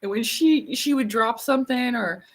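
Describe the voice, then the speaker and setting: A woman's voice: fairly high pitch, normal speed. A woman chatting casually on a livestream, rambling and laughing often. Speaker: livestream host.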